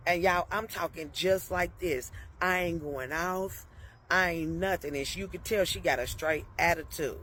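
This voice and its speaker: Speaking at a moderate pace, this woman has a lowish, fairly bright, slightly rough voice. She chats her way through a personal story, laughing between sentences and checking in with listeners using "y'all" and "okay?".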